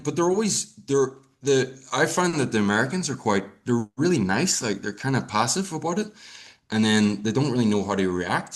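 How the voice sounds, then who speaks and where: An Irish man, a podcast guest, talking in a rambling casual way, swearing and trailing off with fillers. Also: lowish voice. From Ireland.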